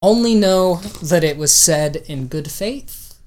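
Lowish-voiced woman on a comedy podcast, dry deadpan jokes, casual chat. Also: takes it slowly. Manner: wry, deadpan, riffs into silly accents. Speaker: podcast co-host.

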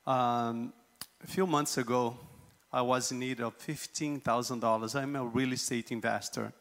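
A man's voice: mid-range voice, steady tone, moderate pace, fairly bright tone. A man giving his testimony in a church service, talking earnestly and correcting himself as he goes. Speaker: congregation member giving testimony. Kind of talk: spoken testimony.

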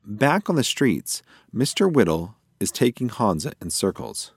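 Low-voiced man reading a storybook. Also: unhurried, husky, no room sound, studio quality. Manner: expressive, lively storytelling. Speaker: narrator.

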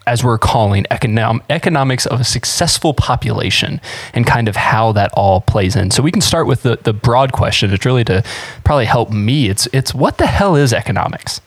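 A man's voice: medium pitch, expressive, fairly quick, no echo. Guy hosting a podcast, chatty and rambly, keeps restarting, pretty dry mic. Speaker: podcast host. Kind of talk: casual conversational podcast.

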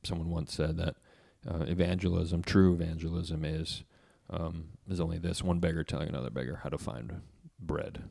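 A man's voice: low voice, fairly even intonation, normal speed, gravelly, few pauses, warm tone, no echo, studio quality. A man co-hosting a podcast who chimes in with agreement and puts questions to the group in a casual faith discussion. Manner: affirming, asks the group questions. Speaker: podcast co-host.

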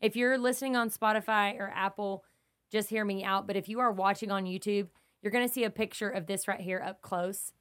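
A woman's voice: medium pitch, fairly even intonation, a little fast, fairly bright tone. A woman who is a mother and podcast host, teaching scripture in an earnest, emphatic, storytelling way that stays conversational. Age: young adult to middle-aged, mother of kids.

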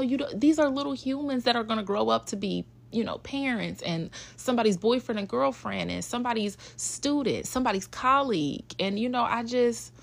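Woman, chatty and heartfelt, gravelly fry. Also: mid-range voice. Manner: chatty, emotional, switches into voices when quoting. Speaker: mother sharing parenting experience. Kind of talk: casual personal talk to an audience.

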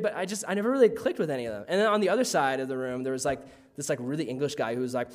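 A man's voice: fairly high pitch, lively intonation, quick pace. A man telling a personal faith story in a casual way, full of "like" fillers.

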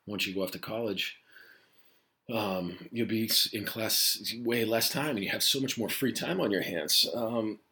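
A middle-aged man with a fairly low voice talks casually to his students on a home podcast. He rambles and reflects, full of fillers and self-corrections. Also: bright, forceful tone. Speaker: high school Spanish teacher. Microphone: home podcast mic.

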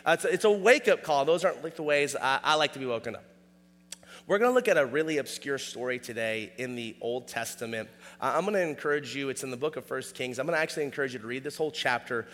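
A man's voice: mid-range voice, expressive, fast talker, fairly bright tone, long reverb tail. A man preaching a sermon in a casual, conversational way, often asking "all right?". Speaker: pastor.

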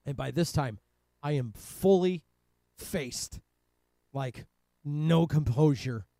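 A man's voice: fairly high pitch, slow pace, creaky, mellow, no echo. A man from Cleveland telling a rambling, profane personal story in a casual way, laughing often. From Cleveland, Ohio. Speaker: guest telling his life story.

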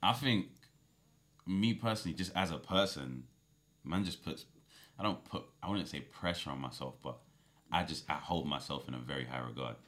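A young man, an actor telling stories as a guest in a casual podcast chat, animated and full of slang. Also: a bass voice, normal speed.

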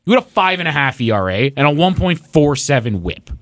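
A man's voice: fairly high pitch, sing-song, a little fast, fairly bright tone, no echo, studio quality. A young man co-hosting a sports podcast, ranting sarcastically and swearing as he builds up heat. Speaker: podcast co-host. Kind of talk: casual sports podcast rant.

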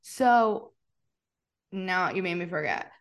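A woman's voice: on the low side, expressive, takes it slowly. Emphatic, jokey woman podcast co-host. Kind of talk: casual chat.

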